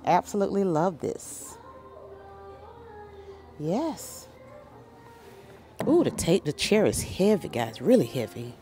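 A woman with a lowish, warm voice tours a big furniture store with her phone and gushes over every piece. Her pitch swings widely as she exclaims, and faint store music plays in the background. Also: sing-song, takes it slowly, long pauses. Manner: gushing, enthusiastic, exclaims often. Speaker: shopping vlogger. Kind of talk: casual store walkthrough vlog. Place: large furniture store, indoors.

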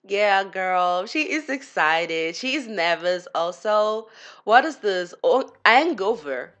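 A woman's voice: medium pitch, animated, takes it slowly, fairly bright tone, soft background music. A woman giving casual gameplay commentary, chatty and giggly, talking to her game characters as she plays. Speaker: gaming channel host.

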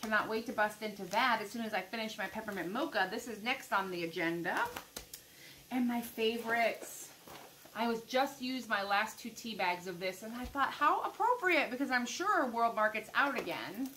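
Excitable bright-voiced woman vlogger. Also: a little high, normal speed, a little hiss or hum, low-quality recording. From United States. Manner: gushing, excitable, addresses viewers as guys. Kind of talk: casual unboxing chat.

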